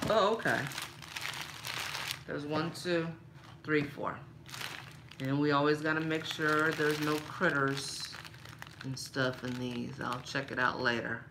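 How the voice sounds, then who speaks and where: A woman talking casually and playfully to her viewers in a shopping haul vlog, laughing often and getting animated when she complains. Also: a little slow, noisy background. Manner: playful, laughs a lot, talks straight to viewers as "girl"; animated, rises high when mock-angry. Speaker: vlogger showing a shopping haul.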